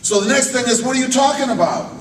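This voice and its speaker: A pastor with a high-pitched voice preaches a sermon, calling on the congregation to answer back and swinging between loud outbursts and quiet, hushed questions. He is heard from some distance in an echoey chapel. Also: lively intonation, quick pace, a little hiss or hum. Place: church chapel. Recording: echoey room picked up from a distance.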